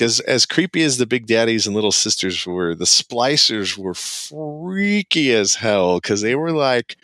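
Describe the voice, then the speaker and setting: A man with a low, smooth, resonant voice, casually recapping a game's plot on a podcast. He rambles, filling gaps with "like" and "um". The sound is dry and close. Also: fairly bright tone, no room sound. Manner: rambling, heavy on "like" and "um".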